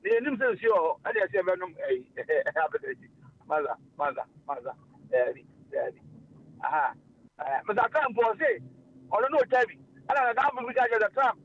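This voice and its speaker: A man hosting casual radio talk, animated and full of fillers. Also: high voice, normal speed, slight background noise. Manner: animated, mixing languages, frequent fillers and laughs. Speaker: radio host. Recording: lo-fi radio stream.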